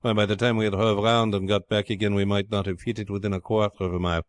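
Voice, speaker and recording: A man's voice: fairly low pitch, level tone, fast talker, dry recording, close to an everyday voice. A man voicing a blunt, commanding sea captain. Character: brusque middle-aged privateer ship captain, mocking.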